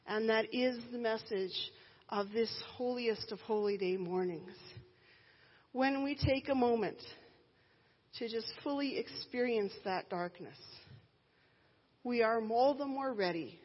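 A woman in her thirties, a pastor, preaching a sermon in an earnest, emphatic way with deliberate pauses. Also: fairly high pitch, husky. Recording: dull sound with long hall reverb.

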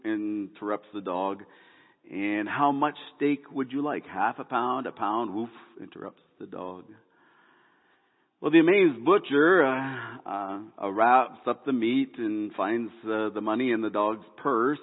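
A man gives a sermon in a folksy, joke-telling way, often stumbling into fillers and restarts. His voice sits at an ordinary middle pitch. It comes through a tinny, phone-like line with a long hall echo behind it. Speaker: pastor.

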